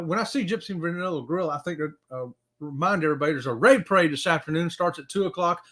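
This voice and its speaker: A middle-aged man, chatting on a live stream in a fairly high voice. His pitch swings widely as he rambles with fillers. He greets viewers by name. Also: fairly bright tone. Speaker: live-stream show host. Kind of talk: casual live-stream chat.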